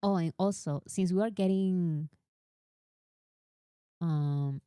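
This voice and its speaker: A woman chatting on her live stream, giving animated fan commentary and reading quotes aloud. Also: fairly low pitch, takes it slowly, smooth, no echo, clean studio sound.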